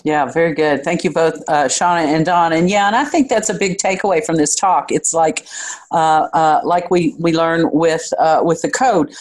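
A woman's voice: sits low, moderate pace, a little mellow. A woman leading an informal group discussion, encouraging others to share and wrapping up the session.

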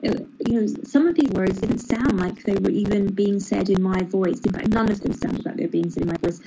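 A woman sharing her meditation experience in a reflective, searching way, often pausing and restarting. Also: mid-range voice. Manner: reflective and searching, many hesitations. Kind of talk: personal sharing about meditation practice. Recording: noisy recording with clicks.

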